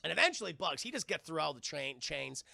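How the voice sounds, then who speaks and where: A man recapping a film on a live stream, rambling and profane, talking to his chat and slipping into shouted character bits. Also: a little high, big pitch swings, fast talker, creaky, no echo.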